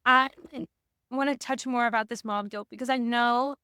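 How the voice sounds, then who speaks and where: A woman's voice: on the high side, steady tone, normal speed, sharp tone, clean tone, no echo, studio quality. A woman hosting a podcast, talking in a loose, rambling way with many restarts. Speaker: podcast host. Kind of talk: casual conversation.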